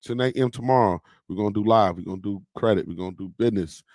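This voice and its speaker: A man's voice: fairly low pitch, quick pace, a little mellow, no room sound, clean studio sound. A man hosting a casual livestream, chatting loosely with his viewers and peppering his talk with "man" and "y'all". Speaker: podcast host on a livestream.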